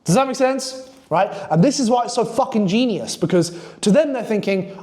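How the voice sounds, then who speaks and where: A man's voice: very high voice, lively intonation, normal speed, few pauses, darkish tone. A man coaching on copywriting in a blunt, profane, hyped-up casual monologue.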